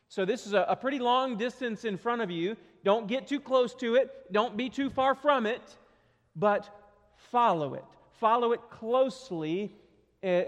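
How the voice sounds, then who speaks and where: A man preaching a sermon, earnest and emphatic, repeating key phrases to drive them home. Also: high-pitched. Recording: reverberant hall.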